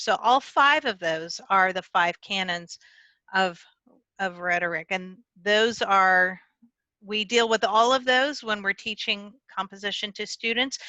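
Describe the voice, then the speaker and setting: Bright-voiced woman teaching a writing workshop. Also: mid-range voice, dry recording. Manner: explanatory, with small slips and self-corrections; talks with her hands. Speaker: conference speaker teaching writing. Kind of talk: conference talk.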